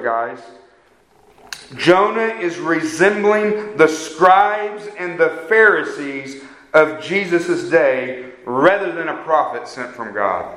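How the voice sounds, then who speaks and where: A man gives a sermon in a loose, conversational way, repeating words and acting out the figures he quotes. His voice sits a little high. The sound is roomy and echoey. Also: a bit bright. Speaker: preacher. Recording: echoey room.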